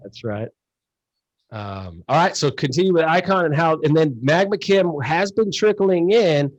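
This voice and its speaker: Guy telling stories on a podcast, fairly high voice, bone dry mic, acts out the back and forth. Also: unhurried, no room sound, dull audio. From USA. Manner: animated storyteller, acts out quoted exchanges, laughs often. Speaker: podcast guest, geologist. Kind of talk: casual interview chat.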